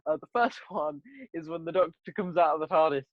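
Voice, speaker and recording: A man's voice: on the high side, brisk, no echo, highs cut off. A young man chatting animatedly in a casual review, laughing often and mimicking characters. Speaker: podcast co-host.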